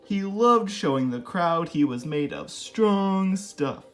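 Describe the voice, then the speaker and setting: Slow, gentle woman reading a storybook. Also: lowish voice, animated, faint music behind. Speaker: children's storytime reader. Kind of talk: reading a picture book aloud to children.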